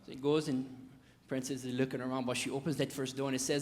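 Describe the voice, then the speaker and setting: A man's voice: medium pitch, flat delivery, quick pace. A man with a Cajun accent telling a folksy stand-up story on stage, talking straight to the audience. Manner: folksy, chatty, addresses audience as y'all. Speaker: stand-up comedian. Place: comedy stage.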